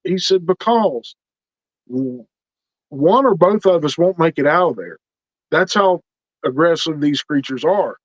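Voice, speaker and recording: A middle-aged man with a fairly high pitch tells his stories at a measured pace with long pauses, appearing as an interview guest. In this casual storytelling, he animatedly acts out the other people's dialogue. The lo-fi recording is dull, with no room sound.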